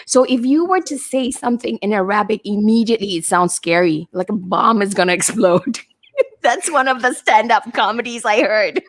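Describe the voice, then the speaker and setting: A woman's voice: medium pitch, normal speed. A woman hosting an online show who chats casually with her guest, reads out audience comments and laughs often. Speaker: host.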